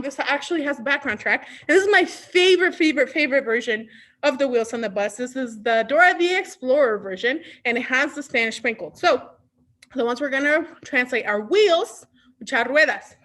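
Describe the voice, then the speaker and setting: Upbeat high-voiced woman leading storytime. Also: pushed and bright. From Mexico. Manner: upbeat, patient, teacher-like, switching between English and Spanish words. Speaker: children's librarian. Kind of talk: online children's storytime.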